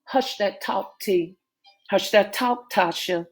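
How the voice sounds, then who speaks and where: A woman's voice: mid-range voice, takes it slowly. A woman reading the part of Malik, a firm, tender adult man who soothes the woman he loves. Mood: soothing.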